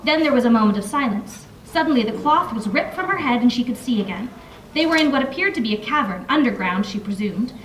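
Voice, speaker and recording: A woman's voice: a little high, expressive, fast, a little hiss or hum. Young woman author reading in an echoey room. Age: young adult. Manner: casual asides with fillers between readings. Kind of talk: reading aloud from her novel. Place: library room. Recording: echoey room, mic from far off.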